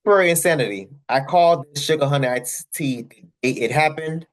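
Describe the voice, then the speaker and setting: Speaking at a normal pace in a slightly high voice, this young male channel host offers relaxed commentary on news clips. He addresses viewers head-on, says things more than once, and asks plenty of rhetorical questions.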